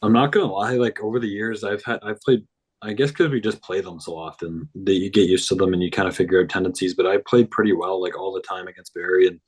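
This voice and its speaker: A man's voice: deep voice, fairly even intonation, fast talker, breathy edge, low-quality recording. A young man, a hockey player chatting as a podcast guest in an easygoing, rambling way. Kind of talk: casual interview chat.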